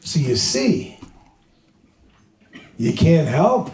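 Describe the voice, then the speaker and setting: A male rabbi telling a humorous story to a live audience, acting out the dialogue with lively energy. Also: on the high side, brisk. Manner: animated, humorous, acts out dialogue. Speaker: rabbi, speaker. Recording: echoey room.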